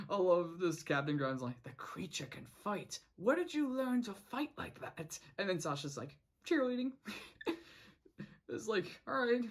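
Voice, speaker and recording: A cartoon reviewer recapping an episode in a casual vlog, rambling with many restarts and quoting the characters' lines. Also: medium pitch.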